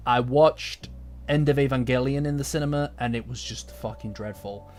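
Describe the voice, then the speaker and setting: A man's voice: mid-range voice, a little mellow. A British man chatting casually to his stream audience, rambling, swearing and getting worked up. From Britain. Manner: rambling, profane, quickly agitated. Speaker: anime commentator. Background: faint lo-fi music.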